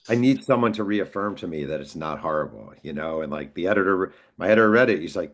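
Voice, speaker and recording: A man's voice: sits low, lively intonation, fast, hardly any pauses. A man from New York, an author telling a story in casual conversation and acting out the voices of the people he quotes. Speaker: author and podcast guest.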